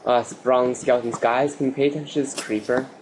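A man commentating his own survival game play, excitable, talking to the mobs and breaking into loud outbursts. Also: mid-range voice, quick pace, noisy background. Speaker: gaming commentator. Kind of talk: Minecraft let's play commentary.

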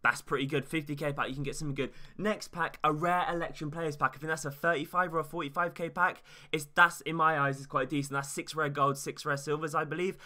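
Young man, gaming YouTuber, casual, fast-talking, sharp bright tone. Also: on the high side, fairly even intonation. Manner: fast, chatty, hyped, talks straight to viewers.

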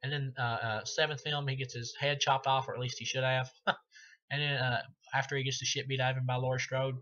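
A man's voice: mid-range voice, little pitch movement, a little fast, sharp tone, dull audio. A man ranting through a horror movie review, swearing freely and breaking into laughter as he goes. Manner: ranting, profane, laughing often. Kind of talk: profane movie review rant.

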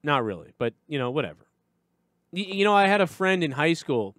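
Brief: swearing New host, slightly high voice, dry close sound. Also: male voice, sing-song, brisk, a bit bright, no room sound. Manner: profane, rambling storytelling. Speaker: live show host. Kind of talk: casual chat.

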